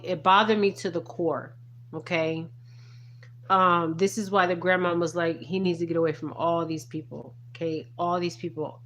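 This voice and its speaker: A low-pitched woman speaks in an earnest, emphatic way and checks in with "okay?" after nearly every point. It sounds like a casual spiritual commentary vlog with a faint hum underneath. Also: a bit bright. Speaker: spiritual reader.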